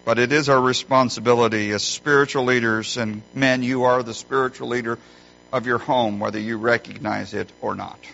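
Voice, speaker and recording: A middle-aged man preaching a sermon as a pastor, emphatic and animated when telling stories. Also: mid-range voice, normal speed, gravelly. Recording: dull lo-fi sound.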